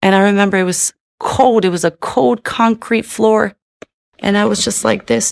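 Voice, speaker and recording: A woman's voice: mid-range voice, steady tone, normal speed, gravelly, dry recording, clean studio sound. A middle-aged woman giving an emotional personal testimony in a tearful manner, with many repeated "you know"s. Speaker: testimony speaker.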